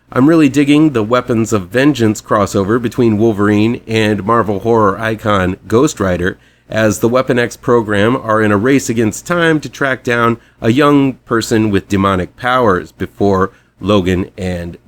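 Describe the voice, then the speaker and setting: A man's voice: lowish voice, normal speed. A man hosting a weekly horror comics show, reading a scripted rundown with chatty, fan-like enthusiasm.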